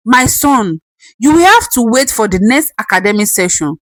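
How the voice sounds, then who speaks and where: A tired, weak-willed father, pleading and placating, as a woman narrator voices him. The voice stays fairly high and lively. It sounds close and dry. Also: moderate pace, no room sound, low-quality recording.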